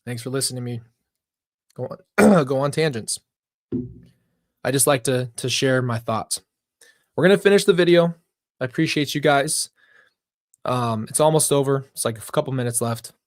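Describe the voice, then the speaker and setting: A man's voice: medium pitch, normal speed, pauses often, no echo, clean studio sound. Earnest man hosting a live reaction stream. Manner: earnest, reflective, rambling tangents; talks straight to viewers and chat. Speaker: reaction channel host.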